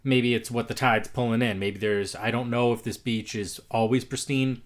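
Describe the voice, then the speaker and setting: A man hosting a casual spoken critique of viewer poetry, reflective, reading verse lines slowly aloud to test their rhythm. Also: mid-range voice, steady tone.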